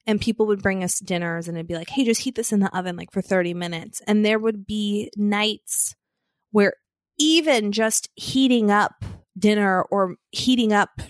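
A woman in her thirties co-hosting a podcast, telling animated stories about her kids in a casual chat and laughing often. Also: mid-range voice, moderate pace, no echo, studio quality. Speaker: podcast co-host.

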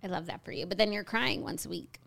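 A woman's voice: mid-range voice, quick pace, vocal fry, fairly bright tone. A young woman co-hosting a podcast, chatting casually with dry, teasing interjections. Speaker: podcast co-host. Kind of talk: casual chat.

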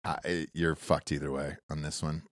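A man's voice: extremely low pitch, moderate pace, no room sound. A man co-hosting a podcast, talking bluntly and profanely in casual chat, recorded on a dry close mic. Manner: profane, blunt, animated storytelling. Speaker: podcast co-host.

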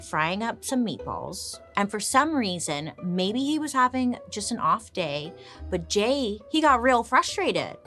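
A young woman hosts a storytelling podcast in a low-pitched voice, chatty and playful. She tosses in jokey asides and leaps up in pitch for emphasis. Faint music plays underneath. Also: pushed and bright. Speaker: podcast host.

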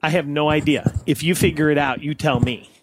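A man's voice: fairly high pitch, fairly quick, a little hiss or hum. A man co-hosting a podcast, telling a story in casual chat and acting out the quotes. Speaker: podcast co-host.

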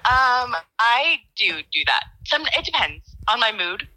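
Sick lady caller, chatty, super bouncy pitch. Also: very animated, unhurried, sharp tone, no room sound, poor audio. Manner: chatty, laughs easily. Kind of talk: casual phone-in chat.

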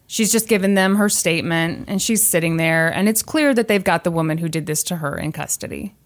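She has a fairly low pitch and a fairly quick delivery, hosting a podcast where she casually tells a creepy true story. Her storytelling is animated, complete with acted-out voices for the people involved.

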